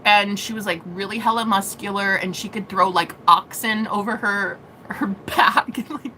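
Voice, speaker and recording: A woman's voice: medium pitch, fairly even intonation, moderate pace, pushed and bright, a little hiss or hum. A woman, a psychic reader, telling a story in a casual vlog. She giggles a lot, talks animatedly and swears freely.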